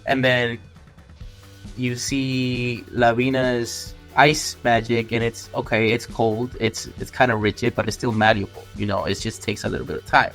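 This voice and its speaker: A man co-hosting a podcast who explains his ideas thoughtfully and slowly, restarting his sentences. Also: mid-range voice, little pitch movement, a bit bright, faint music behind. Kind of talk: casual podcast chat.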